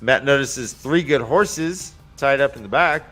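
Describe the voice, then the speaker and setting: A man's voice: medium pitch, expressive, a little slow, sharp tone, soft background music. A man hosting a casual book discussion podcast, loosely recapping chapters with asides and some swearing. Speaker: podcast host.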